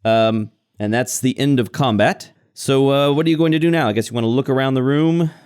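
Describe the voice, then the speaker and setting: A man acting as game master, describing scenes and calling turns in an unhurried, descriptive way. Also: mid-range voice, a little mellow, clean tone, no echo, clean studio sound. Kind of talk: narrating a tabletop game.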